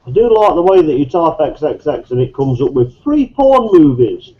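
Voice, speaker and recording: A man's voice: on the high side, big pitch swings, moderate pace, breathy edge, dull audio. A man teasing and laughing as a guest in a casual group video chat.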